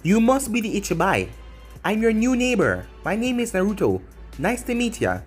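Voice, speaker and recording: A cocky young male ninja taunts with smug confidence, his pitch bouncing lively from line to line. A man plays him in a fan-made story reading. Faint music sits in the background. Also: normal speed.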